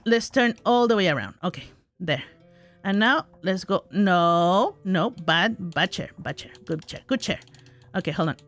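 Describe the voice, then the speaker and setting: Woman streamer, higher voice, giggly play-by-play, bright tone. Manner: giggly, self-talking, exclaims in frustration. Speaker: gaming streamer. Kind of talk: live gameplay commentary.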